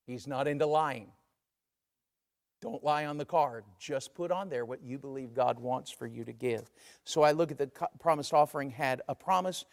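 A man's voice: mid-range voice, normal speed, creaky. A man preaching a sermon in a church, talking in a conversational way and acting out the voices of the people he quotes. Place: church sanctuary. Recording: long reverb of a large church.

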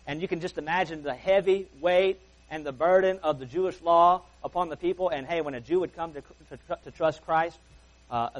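An earnest male preacher with a voice on the higher side delivers a sermon at a church service. He leans hard into key words, then sinks into quiet, softer phrases, and drops in folksy asides along the way. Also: poor audio.

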